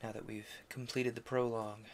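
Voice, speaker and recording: A man with a mid-range voice reads a classic novel aloud on a stream, moving briskly in a flat delivery, with slight background noise. He trips over French names, corrects himself, and drops brief offhand asides between passages in a casual read-aloud style.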